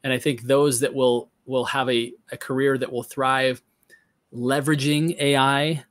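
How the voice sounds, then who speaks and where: A man's voice: medium pitch, little pitch movement, measured pace, fairly bright tone. A man hosting a podcast interview who reflects on his guest's points and thinks aloud, with fillers. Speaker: podcast host. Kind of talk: conversational interview.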